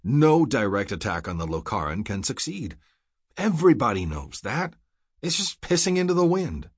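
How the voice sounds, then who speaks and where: A sarcastic ex-operative, stubborn and soaked in rum, sneers through every line, as a man reads him. The voice is low and husky, recorded close and dry. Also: moderate pace, dry recording. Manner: sneering, mulish, drinking. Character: boozy sarcastic male ex-covert operative.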